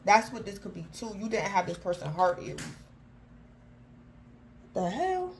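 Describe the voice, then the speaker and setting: A woman's voice: medium pitch, fast, a little hiss or hum, rough recording. A woman giving a casual tarot reading, talking informally and keeping up a running address to her listener by star sign. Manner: chatty, keeps calling out the sign by name; informal slangy phrasing with frequent restarts. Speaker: tarot reader.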